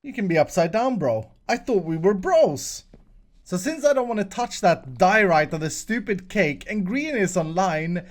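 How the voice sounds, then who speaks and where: A man's voice: high voice, animated, normal speed. A Swedish-accented man hosting a casual Minecraft commentary, playful and jokey, often restarting his sentences. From Sweden. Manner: playful, jokey, frequent self-corrections and restarts. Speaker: host, Minecraft player.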